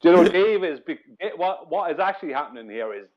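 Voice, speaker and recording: Guy on a muffled call, chatting calmly about stuff. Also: high-pitched, quick pace. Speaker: panel guest. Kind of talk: casual panel chat.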